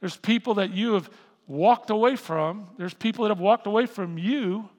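A man preaching a sermon as pastor, animated, repeating words as he builds to loud emphasis. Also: high-pitched, normal speed. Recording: reverberant hall sound.

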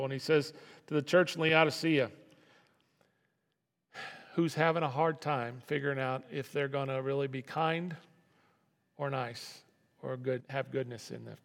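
Gravelly-voiced man preaching in a hall. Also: mid-range voice. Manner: conversational preaching with restarts and repeated phrases. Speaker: pastor. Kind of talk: sermon. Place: church sanctuary. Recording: long reverb of a hall.

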